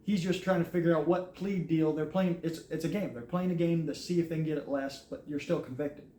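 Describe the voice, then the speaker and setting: A man's voice: a little high, fairly even intonation, brisk, mellow. Earnest man in an echoey room. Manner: earnest, recounts events with quoted dialogue. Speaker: army veteran telling his story. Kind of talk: casual storytelling. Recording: echoey room with faint noise.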